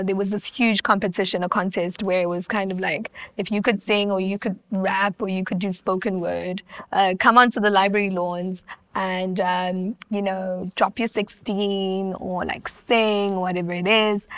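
Crisp-voiced South African woman. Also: medium pitch, dry recording. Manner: relaxed storytelling with light laughs and fillers. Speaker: guest hip-hop artist. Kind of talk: casual interview chat.

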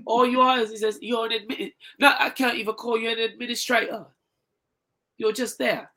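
A man co-hosting a casual podcast, animated and mocking, often talking over his partner. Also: very high voice, fairly quick. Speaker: podcast co-host. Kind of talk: casual boxing chat.

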